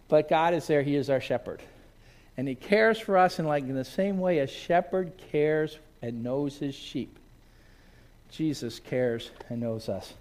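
Man, pastor, sermon in a church, acts out stories, high voice, wide expressive pitch. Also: moderate pace. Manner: storytelling, animated, acts out scenes.

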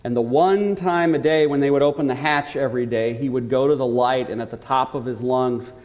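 A man's voice: medium pitch, a little mellow. Earnest male preacher in a reverberant hall. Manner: earnest storytelling, slows for emphasis. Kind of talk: sermon.

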